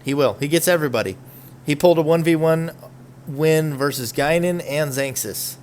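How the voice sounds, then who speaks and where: A man's voice: fairly high pitch, normal speed, darkish tone, a little hiss or hum. A man hosting a casual gaming podcast, talking in a chatty, opinionated, rambling way. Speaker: podcast host. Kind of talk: casual esports podcast chat.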